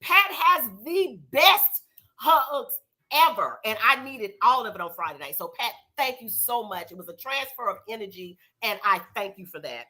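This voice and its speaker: Middle-aged woman host, chatty and sassy, very animated intonation. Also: a little high, moderate pace. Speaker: show host. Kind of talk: casual live recap show.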